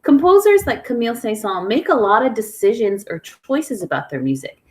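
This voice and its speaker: A woman's voice: on the high side, very animated, moderate pace, a little mellow. A woman teaching an online music lesson to young children, speaking patiently and leading call-and-response rhythms. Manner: patient, clear, sing-song call-and-response prompting.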